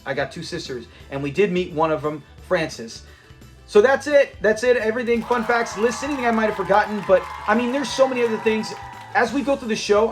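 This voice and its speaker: A man hosting his own channel, chatting casually and enthusiastically about a classic sitcom in a rambling way. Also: high voice. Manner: enthusiastic and rambling, with frequent restarts and quoted lines. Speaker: channel host.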